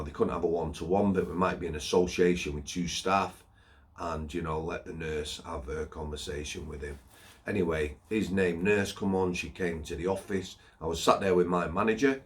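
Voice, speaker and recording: A middle-aged man, a former prison officer telling a story in a blunt, scornful way, broken into short phrases with plenty of "you know"s. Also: low-pitched. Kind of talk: casual storytelling monologue.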